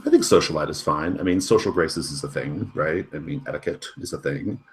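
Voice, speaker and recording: A man with a low voice acts as game master in a casual tabletop session. He talks loosely, full of fillers, and laughs often. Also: fairly quick.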